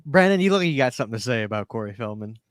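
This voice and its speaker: A man hosting a casual podcast, telling stories in an animated way, laughing often and repeating words as he builds up to the punchline. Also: mid-range voice, racing, clean tone, dry recording. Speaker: podcast host. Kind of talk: casual chat. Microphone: studio microphone.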